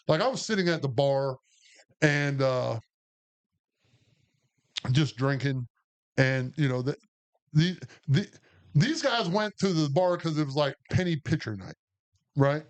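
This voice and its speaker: A man, co-hosting a podcast and telling a long, profane, rambling story full of restarts. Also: fairly high pitch. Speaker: podcast co-host. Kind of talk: casual storytelling chat.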